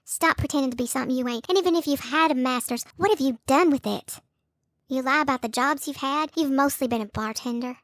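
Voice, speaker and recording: A woman scolding two people in a sarcastic call-out rant, now and then mocking them in a high put-on voice. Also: fairly quick, fairly bright tone, dry recording. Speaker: YouTube commentator.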